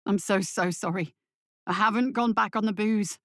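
A woman's voice: mid-range voice, normal speed, fairly bright tone, no room sound, studio quality, close to an everyday voice. A woman reading the part of a man who earnestly insists to his family that he is sober. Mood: pleading. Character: man, a remorseful father pleading his sobriety.

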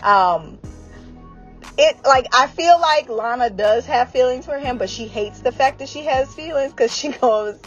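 Woman ranting about a show, cusses a lot, keeps laughing, kinda muffled with soft music behind. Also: high voice, unhurried. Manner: animated, exasperated, swears freely, laughs often. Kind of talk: casual reaction recap. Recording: slightly dull sound with faint music.

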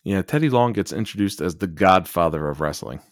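A man's voice: low-pitched, expressive, brisk, no room sound, clean studio sound. A man co-hosting a casual wrestling podcast, recapping with wry, sarcastic asides. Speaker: podcast co-host. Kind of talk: casual wrestling review chat.

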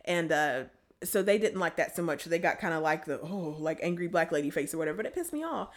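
A woman's voice: on the low side, lively intonation, fast. A woman, chatting casually and telling an exasperated story, often acting out quotes.

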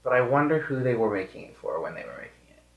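A young woman co-hosting a podcast in casual chat, animated and joking. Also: very deep voice, narrow, tinny audio. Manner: animated, joking and quick to react. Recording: roomy echo.

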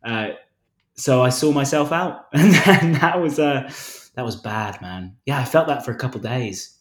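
A man's voice: mid-range voice, normal speed, a bit bright. A man in his twenties, an actor guest on a podcast, telling self-deprecating stories in a casual, rambling way with frequent restarts. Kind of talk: casual interview chat. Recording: roomy echo.

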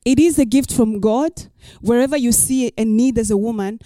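A woman's voice: on the high side, moderate pace, mellow, no echo, studio quality. A woman pastor preaching a sermon, emphatic and repeating her key lines for the listeners.

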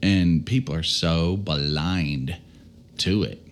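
Brief: man with a very deep voice, co-host, emphatic and eager in chat. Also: slow. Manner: enthusiastic, emphatic, finishes the other's sentences. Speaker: podcast co-host. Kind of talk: casual chat.

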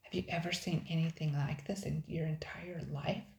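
A woman's voice: sits low, steady tone, moderate pace, gravelly, a little mellow, roomy sound. Jasper, a nervous young boy, read by a woman. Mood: awed whisper. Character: young boy, cautious and easily frightened.

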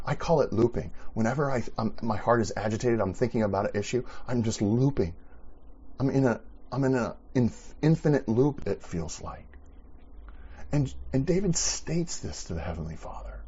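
A man's voice: medium pitch, lively intonation, normal speed, dark tone, breathy edge, highs cut off. A man preaching a sermon in an earnest, conversational way, often restarting his sentences. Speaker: pastor.

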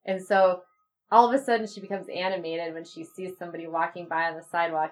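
A woman's voice: fairly low pitch, a little fast. A woman co-hosting a podcast, casually recapping a classic TV episode and acting out quoted lines. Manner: animated, acts out quoted lines, laughs often. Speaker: podcast co-host.

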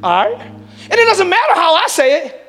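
High-voiced preaching man, music beneath. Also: expressive, quick pace. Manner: emphatic preaching, swinging between shouts and hushed low lines. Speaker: pastor. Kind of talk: sermon. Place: church sanctuary.

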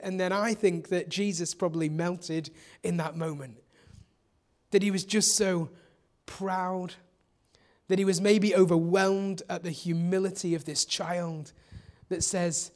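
Man, pastor, sermon, conversational storytelling, fairly high voice. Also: normal speed. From England. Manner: conversational storytelling, often dropping to a soft hush.

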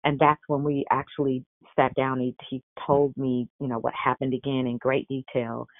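A woman in her forties preaching a sermon, telling a personal story with animated, quoted back-and-forth dialogue. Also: extremely low pitch, moderate pace, no echo. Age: 40s. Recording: tinny phone-like sound.

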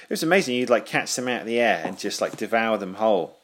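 A man co-hosting a podcast, chatting casually in a deadpan, joking way. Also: lowish voice, a little fast. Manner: deadpan, joking, absurd banter. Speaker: podcast co-host. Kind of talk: casual chat.

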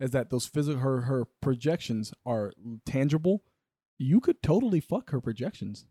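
A man's voice: mid-range voice, expressive, moderate pace, dark tone, husky, dry recording, clean studio sound. A man co-hosting a casual comedy podcast, rambling and laughing often as he jokes. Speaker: podcast co-host.

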